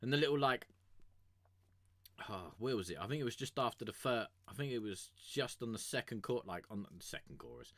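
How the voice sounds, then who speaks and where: A man's voice: medium pitch, lively intonation, brisk, a bit bright, no echo. A man streaming music reviews, talking casually in a rambling, sweary way and trailing off mid-sentence. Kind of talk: casual live-stream commentary.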